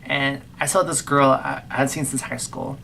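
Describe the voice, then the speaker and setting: A young woman with a notably low voice tells a personal story to her vlog audience. She talks bluntly and swears freely, rambling and restarting her sentences as the feelings come through. A faint hiss of noise sits under her voice. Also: flat delivery, normal speed, creaky, fairly bright tone. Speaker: vlogger.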